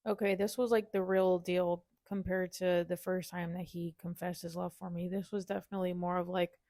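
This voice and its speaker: Young female podcast co-host, gravelly fry, dry close recording. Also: lowish voice, level tone, moderate pace, dark tone, no echo. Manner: frank, reflective, casual. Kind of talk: casual chat.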